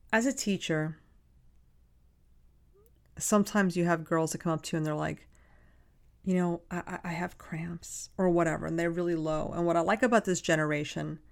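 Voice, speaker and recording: A woman's voice: fairly low pitch, steady tone, normal speed, vocal fry, pauses often. A woman co-hosting a podcast in casual chat, speaking emphatically and acting out quotes. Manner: emphatic, acts out quotes in a hushed voice. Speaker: podcast co-host.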